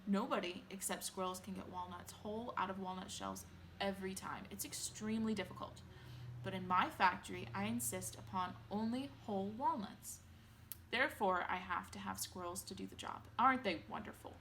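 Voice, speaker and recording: A woman voicing an eccentric, excitable male chocolate maker in a storybook reading, brisk and insistent. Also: mid-range voice, slight background noise, lightly acted. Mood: explaining.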